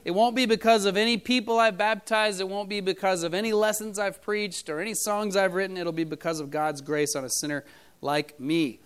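A man's voice: sits high, fairly even intonation, a little fast, clear, resonant tone. A middle-aged man preaching a casual sermon to his church, talking in a loose storytelling way with many fillers. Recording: church audio recording.

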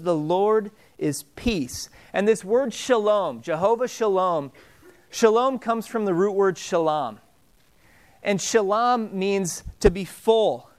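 A young man preaching a sermon in a conversational way, dropping soft and slow on key phrases. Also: sits high. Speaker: pastor.

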